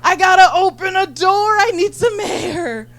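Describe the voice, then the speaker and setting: A woman's voice: very high voice, a little slow, a bit bright, voice pushed up, heavily acted. A woman voicing her frantic, overwrought woman roommate in a stand-up bit. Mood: panicked.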